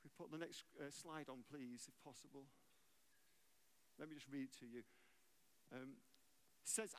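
Guest preacher, a man with a high voice, conversational and playful with the congregation. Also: lively intonation, moderate pace. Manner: conversational, jokey, asks the audience questions. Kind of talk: sermon.

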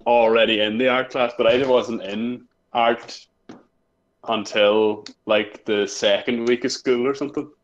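A young man with a mid-range voice tells a school story in casual chat with friends, speaking steadily at a measured pace, rambling through fillers and laughing often. The recording is muffled, with faint background noise and clicks.

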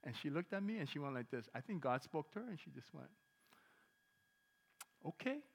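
A male pastor preaching with a slightly higher voice, full of animated storytelling and sudden emphatic bursts. His words ring out with a long church reverb, as if the sound fills a big sanctuary. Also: fast talker, creaky. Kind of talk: sermon storytelling.

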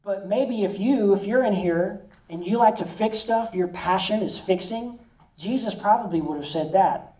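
Mellow-voiced preacher in an echoey room. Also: medium pitch, moderate pace, far from the mic. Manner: emphatic, repeats phrases for effect. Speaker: campus ministry preacher. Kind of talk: sermon.

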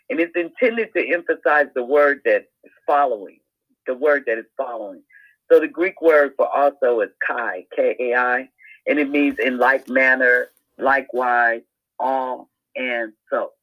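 A mid-pitched voice on a dull, lo-fi call line. This co-host in a casual Bible study chat explains what words mean and spells them out letter by letter. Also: unhurried. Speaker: podcast co-host.

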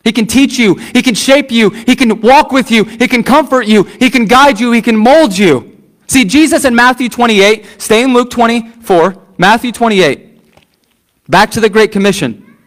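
A pastor preaching a sermon, using repeated phrases and asking the congregation questions. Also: male voice, very high voice, moderate pace, fairly bright tone.

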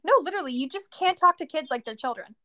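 Young woman, high voice, dry close sound, animated casual podcast chat, swears. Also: fast talker, dry recording. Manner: animated, swears, laughs often. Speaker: podcast co-host.

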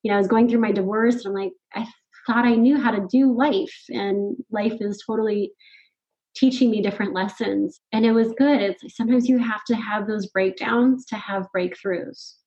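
A middle-aged woman recounts a personal turning point in relaxed podcast conversation. Her voice sits at a medium pitch, and she talks animatedly with frequent laughter. The audio is slightly dull and lo-fi. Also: normal speed. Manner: animated, laughs often, quotes her own thoughts. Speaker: podcast guest. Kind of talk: casual conversational storytelling.

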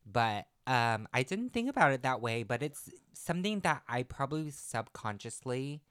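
A woman's voice: extremely low pitch, big pitch swings, moderate pace, clean tone, no echo, clean studio sound. A woman co-hosting a podcast in casual chat, effusive and often gasping and exclaiming. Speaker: podcast co-host.

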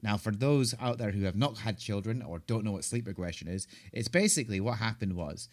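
A man in his thirties, a podcast co-host, exhausted from lack of sleep and telling stories in animated, chatty conversation. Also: on the low side, brisk. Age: 30s. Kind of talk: casual chat.

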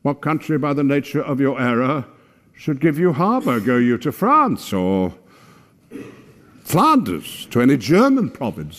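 A man recites a classic speech in a slow, declamatory way, with a lively, wide-ranging pitch. His voice rings out through a hall with a long reverb tail. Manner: measured, declamatory, rising to forceful emphasis.

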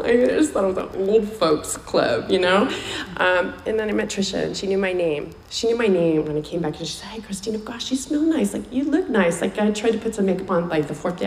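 Talking a little fast at medium pitch, a woman with a creaky, slightly mellow voice shares her personal story at a recovery meeting. She is candid and emotional, repeating phrases for weight, and the echoey room carries faint background noise.

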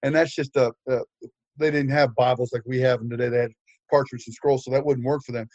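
A man's voice: medium pitch, fairly even intonation, fairly quick, darkish tone, no echo, dull audio. An older man preaching, telling a story with humor, with frequent fillers and restarts. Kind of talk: storytelling sermon.

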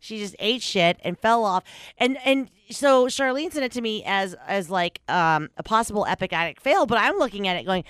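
Chatty woman podcast host, swears a lot, smooth clear voice, pitch all over the place. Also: moderate pace, no echo, studio quality. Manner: animated, swearing, laughs often, big pitch swings; storytelling, reads news aloud with commentary. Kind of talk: casual chat.

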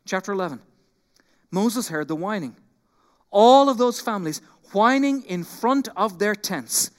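A man with a high voice preaches from a church pulpit, his words ringing out with a long hall reverb. He is animated, acting out grumbling voices before falling back to a hushed, earnest tone. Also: unhurried. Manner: animated, acts out quoted complaints, drops to quiet intensity. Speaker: pastor. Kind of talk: sermon.

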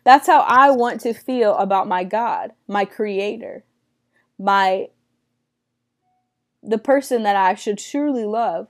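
A young woman teaching a casual Bible study in a chatty way, acting out quotes with excited squeals. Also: medium pitch, takes it slowly, long pauses.

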